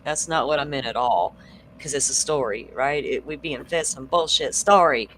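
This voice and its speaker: A woman hosting a casual true crime livestream, blunt and swearing freely as she thinks out loud. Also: extremely low pitch, moderate pace, very noisy.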